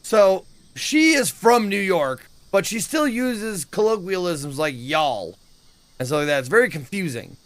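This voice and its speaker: Chatty, higher-voiced man playing a game. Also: animated, measured pace, fairly bright tone, no room sound. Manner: chatty, joking, laughs often. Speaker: let's play gamer. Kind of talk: casual gameplay commentary.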